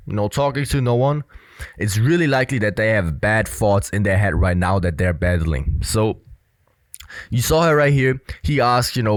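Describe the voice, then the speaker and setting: A man's voice: mid-range voice, no room sound. A young man giving casual commentary as a body language coach, earnest, with many fillers. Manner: earnest, repetitive, filler-heavy explaining.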